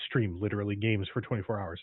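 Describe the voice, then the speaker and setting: A man joining a livestream chat as a guest, easygoing and quick to laugh, swearing casually. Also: lowish voice, steady tone. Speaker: guest streamer. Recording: dry, phone-like call audio.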